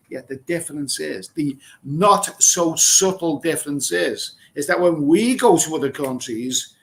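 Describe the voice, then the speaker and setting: A middle-aged man from England hosting a live stream, reading out viewer comments and reacting in a blunt, rambling way, swearing casually and repeating himself. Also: a little high. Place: Thailand.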